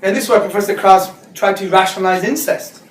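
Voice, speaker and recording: A man giving a lively, joking lecture to students, slipping into street slang. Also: sits high, quick pace, slight background noise. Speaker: Islamic speaker. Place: lecture hall. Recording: echoey hall recorded from far off.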